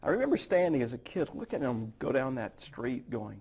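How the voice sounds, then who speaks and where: Gravelly middle-aged man telling a heartfelt story. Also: medium pitch, sing-song, a little mellow. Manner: heartfelt, halting with restarts and fillers. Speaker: guest, author and speaker. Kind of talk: emotional personal storytelling in a TV interview. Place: television studio.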